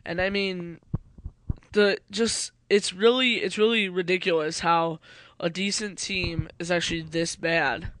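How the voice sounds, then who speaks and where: A man's voice: high-pitched, steady tone, a little slow, fairly bright tone. A tired man giving casual sports prediction commentary, rambling, correcting himself and swearing offhand. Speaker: video host.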